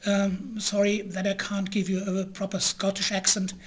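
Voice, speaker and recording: A male lecturer whose first language is German presents an online history talk. He speaks haltingly, with frequent pauses and filler sounds, and now and then clears his throat. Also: sits high, monotone.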